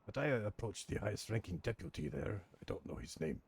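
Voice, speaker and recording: A man doing a gravelly, blunt foreign-born outlaw. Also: lowish voice, very animated, fairly quick, exaggerated voice. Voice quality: gravelly and husky. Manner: broken-grammar storytelling, blunt, swears. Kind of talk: roleplay in a western game.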